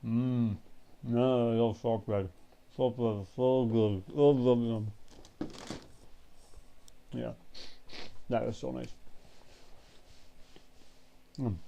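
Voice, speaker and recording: A man's voice: medium pitch, vocal fry, warm tone, a little hiss or hum. A man in his twenties chatting casually in a home vlog, rambling through a story with lots of fillers, his throat a bit tired. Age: 20s. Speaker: vlogger. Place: home bedroom.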